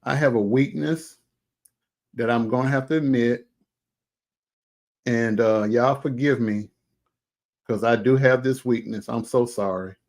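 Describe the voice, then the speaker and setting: This livestream host, a man of medium pitch, chats casually in an animated, exclamatory manner. He peppers his talk with folksy asides and many long, drawn-out hums.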